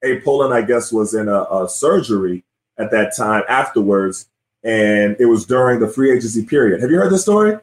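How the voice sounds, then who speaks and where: Here a forties-aged ex-NBA player hosts a laid-back sports podcast interview, his voice lowish and his pace moderate. He spins lively stories from the past, frequently checking "you know what I mean?", and the audio carries a roomy echo.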